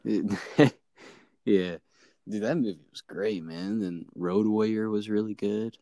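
A man's voice: lowish voice, a little slow, mellow, no room sound, studio quality. A man co-hosting a casual chat, laid-back and jokey, with plenty of slang.

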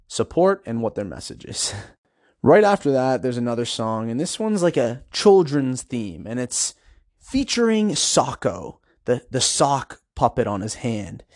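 A man's voice: mid-range voice, a little mellow, no echo, clean studio sound. Enthusiastic man rambling about a film. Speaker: video reviewer. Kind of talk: casual film commentary.

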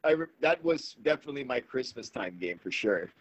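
A man whose voice sits on the higher side and swings widely in pitch. He has a husky edge, recorded close and dry, and his delivery is lively and quick to laugh. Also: dry recording, poor audio. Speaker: podcast co-host. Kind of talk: casual chat.

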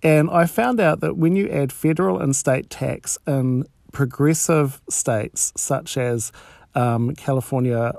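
A man with a New Zealand accent tells comic stories in a camp, animated way, swearing without a second thought. His voice has a gravelly edge, and the recording is dry and close with no room sound. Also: medium pitch, slow pace, no echo. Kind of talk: stand-up style comic storytelling.

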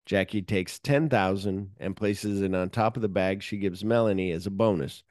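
In studio-quality audio without any room sound, a man with a low voice talks at normal speed on his podcast. He's casually running through a movie's plot in an animated way, mixing read summary with offhand asides, heavy on fillers and casual swearing.

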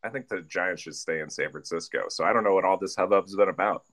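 A man's voice: sits low, fast talker, a bit bright. A man co-hosting a casual sports podcast, rambling and correcting himself as he jokes about his team. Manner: rambling, self-correcting, jokey. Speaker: podcast co-host.

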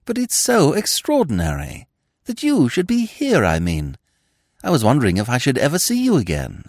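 A man reading aloud voices a bright, teasing young woman who asks eager, quick questions. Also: medium pitch, wildly swooping pitch, no room sound, studio quality, pitched above the performer's own voice.

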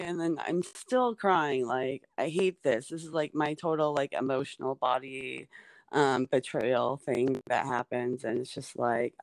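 A woman's voice: extremely low pitch, a little slow, no echo. Rambling woman comedian, dry close sound. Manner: rambling, lots of "like" and "um" fillers. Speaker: stand-up comedian, guest. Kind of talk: casual podcast chat.

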